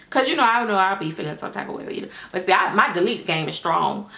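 A middle-aged woman vlogging with plenty of sass, calling her viewers y'all and speaking her mind plainly. Her voice has a gravelly fry at the ends of her phrases and sits at an ordinary middle pitch. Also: quick pace, hardly any pauses, sharp tone. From United States. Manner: chatty, sassy, talks straight to viewers as y'all. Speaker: doll-making vlogger. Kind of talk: casual chat to camera.

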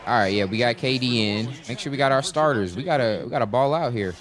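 Animated gamer man yelling over gameplay. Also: medium pitch, normal speed, few pauses. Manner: animated, yells in bursts of excitement, slangy trash talk. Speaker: gaming YouTuber. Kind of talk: live gameplay commentary.

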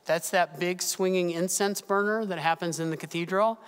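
A man's voice: high-pitched, steady tone, moderate pace, clean tone. A man from California, a pastor, telling a personal story in a sermon with gasps and casual fillers. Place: church sanctuary. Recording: long hall reverb.

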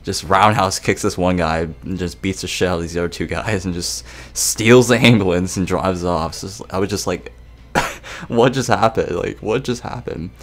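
A man's voice: low voice, fairly even intonation, moderate pace. A young man giving a casual anime episode review, rambling, laughing and swearing as he retells scenes.

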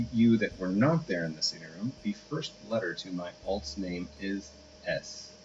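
Low-ish guy rambling through a game video, muffled sound, hiss behind. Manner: rambling, chatty, playful. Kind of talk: casual let's play commentary. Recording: dull lo-fi audio with hiss.

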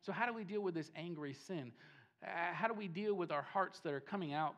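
Emphatic pastor preaching a sermon. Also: male voice, high voice, brisk, a bit bright. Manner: emphatic, repetitive, rising and falling delivery. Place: church sanctuary.

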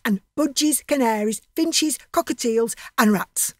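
A woman voicing a gentle, eager young man who gabbles excitedly in lists. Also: on the high side, measured pace, dry recording, studio quality, pitched above the performer's own voice.

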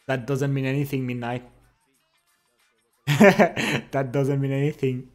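Soft background music plays as a young man with a French accent streams from home, chatting casually and reading comments. His voice is mid-range with fairly even intonation, and he laughs often, teases playfully, and pauses and restarts in English.

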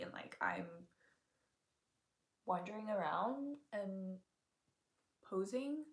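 Chatty woman with gravelly fry. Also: mid-range voice, animated, normal speed, bright, forceful tone, a little hiss or hum. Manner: rambling, self-mocking, jokey asides. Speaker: beauty vlogger. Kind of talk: chatty get-ready-with-me makeup talk. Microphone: tablet camera.

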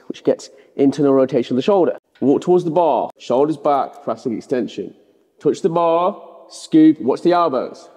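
A man's voice: mid-range voice, warm tone, long reverb tail. A man coaching the overhead press, giving short firm cues as he demonstrates. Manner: instructive, cue-giving.

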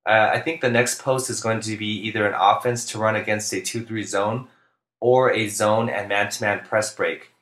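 Guy coach talking basketball plays, flat monotone, kinda low, echoey room. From United States. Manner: monotone, deliberate and clear. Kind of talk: scripted instructional narration. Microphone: home recording for narration.

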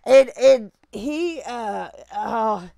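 A woman's voice: a little high, lively intonation, very slow, gravelly, dark tone, no room sound, clean studio sound. A woman co-hosting a casual talk show, exclaiming and laughing about a stream. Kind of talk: casual chat reacting to a stream.

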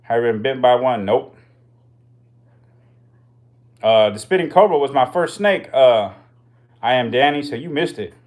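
Male live-stream host, mid-range pitch, loose slangy and profane patter with bursts of hype. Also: lively intonation, measured pace, long pauses, a little mellow. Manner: slangy, profane, hyped banter. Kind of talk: casual live-stream commentary.

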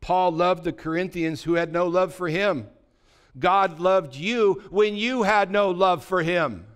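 Man, pastor, sermon, high voice, smooth clear tone, rhetorical questions. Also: a little slow, a bit bright. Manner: preaching with rhetorical questions to the congregation; tells a joke story with acted dialogue. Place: church.

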